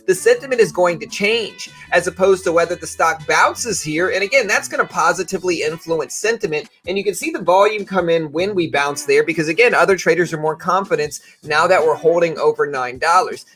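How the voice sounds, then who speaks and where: A man's voice: sits high, pushed and bright. A young man hosting a casual trading livestream, chatty and loose, often restarting his sentences. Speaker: trading streamer.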